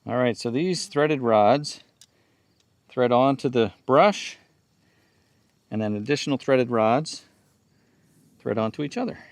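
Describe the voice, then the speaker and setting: A man's voice: mid-range voice, lively intonation, slow pace, long pauses, dry recording. A man hosting his own home-repair video, explaining each step plainly and thinking aloud as he works. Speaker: DIY channel host. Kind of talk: casual how-to narration.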